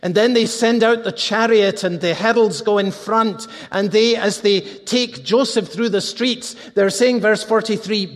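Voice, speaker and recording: Man, pastor, high voice, earnest preaching, echoing church hall. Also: steady tone. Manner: earnest preaching, rising to fervent appeals, repeating phrases slowly. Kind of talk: sermon. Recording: long reverb of a large hall.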